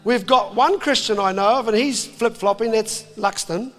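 New man, preaching, animated, high voice, long hall reverb. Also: moderate pace, soft background music. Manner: animated, jokey, puts on voices. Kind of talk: impassioned sermon to a crowd.

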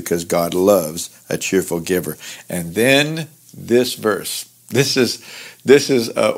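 A man teaching through a Bible passage in an earnest, conversational way, explaining verses with lively asides. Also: fairly low pitch, creaky. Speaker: pastor teaching Bible study.

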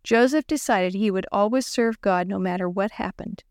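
A woman reads a children's story aloud at a middle pitch, gently expressive as she voices each character. The recording is close and dry, with no room sound. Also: normal speed, no room sound.

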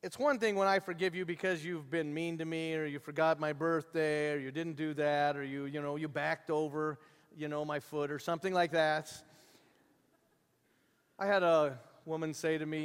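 Animated high-voiced preacher in a reverberant hall. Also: male voice, normal speed, smooth. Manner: animated storytelling, acting out the characters' voices. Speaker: pastor. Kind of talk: sermon.

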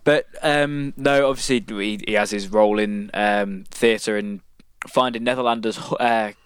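Guy cohosting a podcast, smooth clear voice, dry close sound, chill. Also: lowish voice, steady tone, measured pace, fairly bright tone, no echo. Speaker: podcast co-host. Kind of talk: casual chat.

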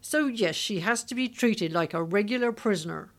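A woman's voice: medium pitch, expressive, moderate pace, natural voice. A woman reading a stern police constable. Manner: formal, stern.

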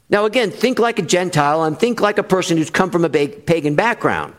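A pastor preaching an expository sermon, earnest and emphatic, repeating phrases for stress and slowing on key lines. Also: male voice, high-pitched, expressive.

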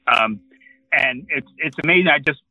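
A man's voice: a little high, expressive, normal speed, gravelly, bright, forceful tone, breathy edge, dry recording, poor audio. A man in his sixties from New Jersey, a guest telling a long rambling anecdote in casual conversation. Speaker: interview guest. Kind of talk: casual storytelling.

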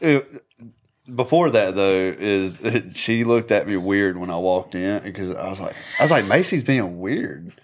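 A man's voice: low-pitched, animated, a little slow, slight background noise. A man on a casual podcast, rambling through a laid-back story with lots of restarts.

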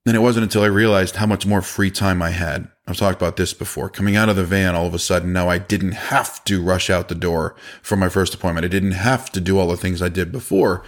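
Blunt, very deep-voiced man talking business. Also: steady tone, fast, few pauses. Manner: blunt, conversational, swears casually, acts out quoted voices. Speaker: business owner and podcast host. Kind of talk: casual podcast monologue.

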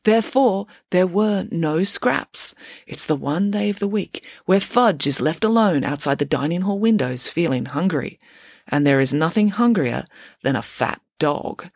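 A woman's voice: fairly low pitch, lively intonation, unhurried, a little mellow, no echo. A woman voicing an unflappable, matter-of-fact young girl detective in a storybook reading. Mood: explaining.

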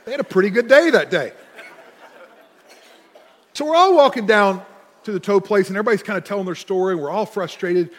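A man preaching a sermon as pastor, telling stories and slowing to press hard on key words. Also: high voice, lively intonation. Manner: storytelling, slows and pushes hard on key words. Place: church sanctuary. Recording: long hall reverb with soft music.

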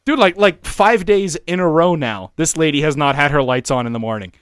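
A man's voice: on the high side, expressive, fairly quick, smooth. A man from Calgary chatting casually, swearing often and restarting his sentences. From Calgary, Canada. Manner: swears a lot, stumbling restarts. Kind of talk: casual chat.

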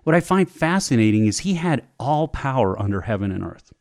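A male podcast host giving a faith-based talk, retelling a story in a lively storytelling manner. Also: mid-range voice, a little fast, no room sound, clean studio sound. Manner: animated storyteller, vivid retelling.

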